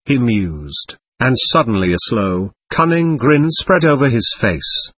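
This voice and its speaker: A man narrating a novel aloud in an expressive reading voice. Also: mid-range voice, measured pace, hardly any pauses, husky, no room sound. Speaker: audiobook narrator.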